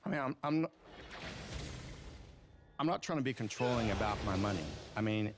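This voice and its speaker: A man's voice: medium pitch, animated, normal speed, over music. A man in his fifties, a guest on a couples show, answering in a hesitant, stammering and defensive way. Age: 50s. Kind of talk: unscripted on-camera conversation.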